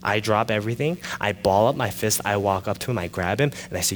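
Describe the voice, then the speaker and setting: A male pastor telling a personal story in a sermon, animated and shifting from loud excited retelling to quiet confession. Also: on the low side, fast talker, in a large hall.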